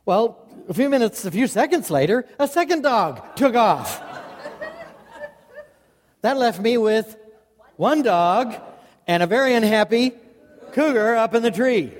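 Folksy guy spinning a yarn, animated, chuckles a lot, fairly high voice, long echo like a big hall. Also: a little slow, long pauses. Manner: lively, animated, chuckling through the tale. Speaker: storyteller. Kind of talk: folksy live storytelling.

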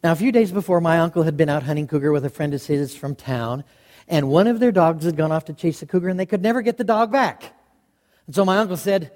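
Telling a folksy story to a live crowd, a male storyteller speaks fast and animatedly, chuckling at the funny bits. His voice is rather high for a man and echoes with a long reverb, like in a big hall.

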